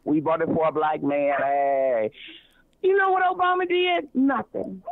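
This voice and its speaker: A woman's voice: medium pitch, sing-song, measured pace, no echo. A woman from Kansas City, Missouri, calling in to a radio show, rambling and stumbling over repeated words. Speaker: caller. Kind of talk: radio call-in chat. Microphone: phone. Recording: tinny phone line, dry.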